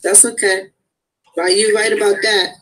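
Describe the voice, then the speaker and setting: A woman's voice: medium pitch, flat delivery, normal speed, a bit bright, rough recording. A woman hosting a call-in talk show, answering with short affirming agreements.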